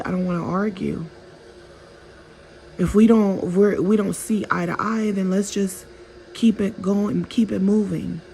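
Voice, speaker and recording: A woman's voice: low-pitched, gravelly, darkish tone, low-quality recording. A woman vlogger giving casual, emphatic advice straight to the viewer, often repeating herself for stress. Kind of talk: casual monologue advice talk.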